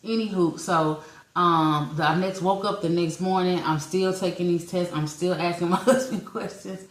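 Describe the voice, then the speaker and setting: A woman's voice: fairly low pitch, normal speed. A woman in her forties, telling a long personal story on a podcast, acting out what people said and laughing often. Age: 40s. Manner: animated storyteller, acts out quotes, laughs often. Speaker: podcast co-host. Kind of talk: casual storytelling chat. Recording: echoey room.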